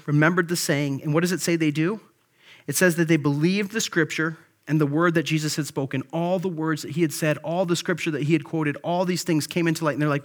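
A man's voice: a little high, fairly bright tone. A man pastor giving a sermon in a casual, conversational way, often checking in with "right?".

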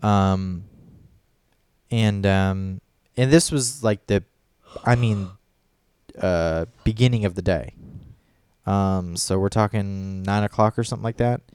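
A man's voice: on the low side, takes it slowly, a little mellow, smooth, no room sound. A man telling a story in a casual podcast chat, rambling and swearing often. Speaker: podcast co-host.

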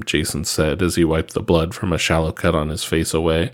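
Man, deep voice, story reader, steady even narration. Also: normal speed, hardly any pauses. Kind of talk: reading fan fiction aloud.

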